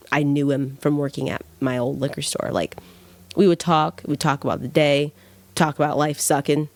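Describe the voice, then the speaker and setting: A woman's voice: sits low, no echo. A young woman hosting a podcast, talking bluntly in a heated, casual monologue and swearing freely. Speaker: podcast host.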